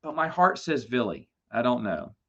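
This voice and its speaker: A man hosting a live Q&A stream, chatting casually and telling lively, playful stories to viewers. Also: mid-range voice, moderate pace, creaky, breathy edge. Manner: animated storytelling, lively and playful. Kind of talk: casual livestream chat. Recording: dull lo-fi stream audio.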